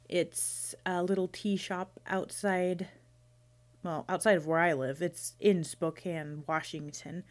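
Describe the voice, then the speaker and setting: Woman in her thirties, podcast host, casual solo chat, playful and rambling, slightly low pitch. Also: takes it slowly, a little mellow. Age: 30s. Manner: chatty, playful, rambling with restarts.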